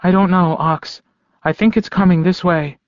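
A man putting on a gentle older woman's voice. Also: high-pitched, fairly even intonation, moderate pace, dry recording, lo-fi sound, voice pushed up, lightly acted. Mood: worried. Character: gentle older woman, calm pack matriarch.

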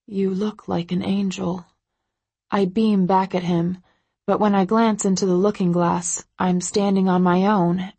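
A woman's voice: fairly low pitch, darkish tone, dry recording. A woman narrating a first-person audiobook in an intimate, emotive way.

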